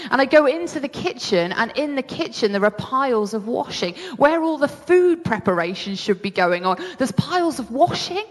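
A woman's voice: high-pitched, lively intonation, moderate pace, few pauses. A woman with a British accent preaching a sermon in an earnest, conversational way, often restarting her sentences. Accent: British English. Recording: long hall reverb.

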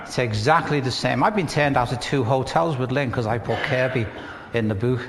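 Northern English pastor preaching in a hall. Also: male voice, medium pitch, fairly quick, background noise. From northern England. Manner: conversational, with rhetorical questions and humor. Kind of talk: sermon.

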